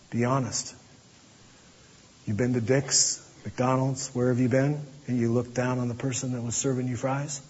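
Husky man preaching in a reverberant hall. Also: mid-range voice, level tone, normal speed. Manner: earnest preaching, drops to a hush for emphasis. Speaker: pastor. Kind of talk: sermon. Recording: dull audio with long hall reverb.

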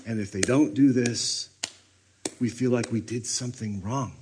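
A man giving a sermon at a retreat, animated, swinging between loud bursts and hushed near-whispers. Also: medium pitch, measured pace, noisy background. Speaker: retreat speaker. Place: retreat meeting room.

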